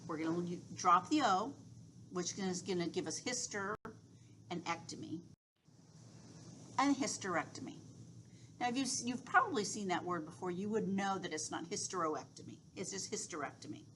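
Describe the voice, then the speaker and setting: A woman's voice: fairly low pitch, lively intonation, normal speed, long pauses, fairly bright tone, a little hiss or hum, low-quality recording. A woman instructor giving a recorded lecture, explaining step by step with reassuring asides and frequent fillers.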